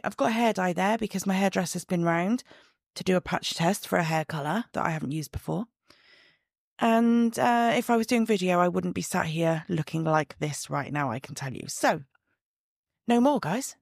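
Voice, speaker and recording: Gravelly-voiced woman podcasting. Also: fairly low pitch, moderate pace, no room sound, studio quality. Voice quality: chatty, direct, laughs at herself. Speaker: podcast host and body image coach. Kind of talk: casual solo podcast talk. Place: sitting at home, room lights only. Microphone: own podcast mic.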